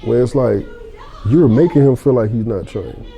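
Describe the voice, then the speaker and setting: A man's voice: medium pitch, normal speed, gravelly, warm tone. A man, a podcast guest, telling earnest personal stories in casual chat and acting out what others said. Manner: earnest storytelling, acts out quotes.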